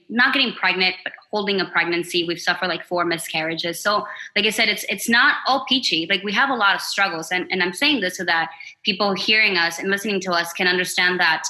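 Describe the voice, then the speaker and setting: A woman talking as a podcast guest, sharing openly in a heartfelt, expressive way. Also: on the low side, poor audio. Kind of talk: casual interview chat.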